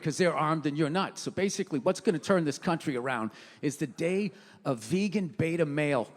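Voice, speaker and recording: A man performing a stand-up comedy routine, ranting and profane, swinging from loud outbursts to low muttered asides. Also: background noise. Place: live comedy venue. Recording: live venue hall reverb.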